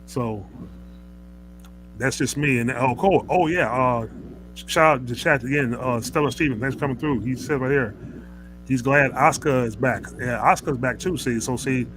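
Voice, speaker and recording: A man's voice: medium pitch, normal speed, background noise. A man hosting a casual wrestling talk show, ranting in a heated, rambling way, with many stammers and restarts. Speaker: host.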